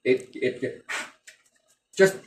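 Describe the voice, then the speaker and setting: A man in casual chat, rambling and swearing, joking and acting out little dialogues. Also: slow pace. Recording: roomy echo.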